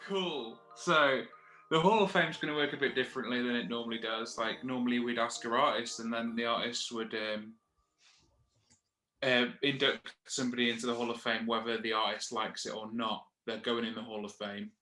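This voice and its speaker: A man with a bright, edgy voice co-hosts a casual podcast, blunt and dry. He swears without fuss. The sound is roomy with echo and has faint music behind. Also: medium pitch, fairly even intonation, moderate pace. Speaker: podcast co-host. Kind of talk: casual chat. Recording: echoey room.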